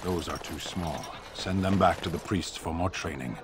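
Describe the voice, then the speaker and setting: An actor playing a grumbling male townsperson in a video game, offhand and gruff. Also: low voice, normal speed, background noise, natural voice.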